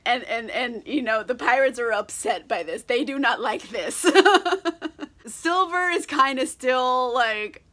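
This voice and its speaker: A tipsy woman vlogger rambles through a casual book recap. She is irreverent, swearing and giggling as she goes. Her voice is high, bright and sharp. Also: lively intonation, takes it slowly.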